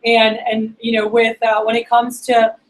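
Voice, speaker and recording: A woman speaking at a staff meeting, telling a motivational story in a casual, animated, slangy way with lots of fillers. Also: on the high side, moderate pace, low-quality recording. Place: meeting room.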